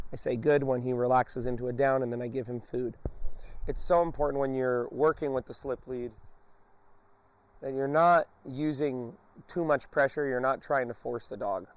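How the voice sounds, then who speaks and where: Male dog trainer, mid-pitch, calm step-by-step explainer, quick praise to the dog, dry close sound. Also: dry recording. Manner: explains calmly, breaking off to praise and command a dog. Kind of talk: instructional demonstration.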